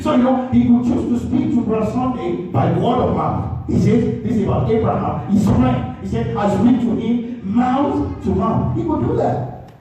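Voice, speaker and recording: Male pastor, high and very mellow voice, emphatic repeating sermon delivery; booming echoey sanctuary, mic far off. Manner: emphatic, repeats points, calls on the congregation. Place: church sanctuary. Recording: echoey church hall, distant dull mic.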